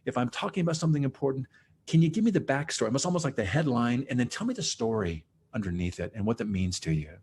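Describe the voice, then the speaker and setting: A man's voice: medium pitch, expressive, fast, a little mellow, slight background noise. A man hosting a behavioral health podcast, thinking aloud in a reflective, conversational way with frequent "kind of" and "you know". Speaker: podcast host, psychologist. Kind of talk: conversational interview.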